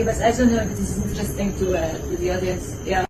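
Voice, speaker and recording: A woman's voice: medium pitch, fairly even intonation, fast talker, over loud music. Laughing woman in a roomy space. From South Asian family. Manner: laughs often, acts out quotes. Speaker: podcast host. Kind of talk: casual rambling monologue. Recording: roomy, distant, noisy.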